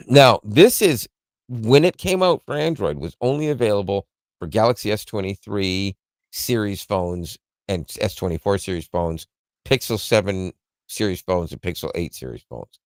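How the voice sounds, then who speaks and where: Casting: very low-voiced male tech podcaster, loose and rambling, dry close mic. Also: animated, normal speed, no echo. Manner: rambling, self-correcting, chuckles often. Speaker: podcast co-host explaining tech. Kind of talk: casual tech podcast chat.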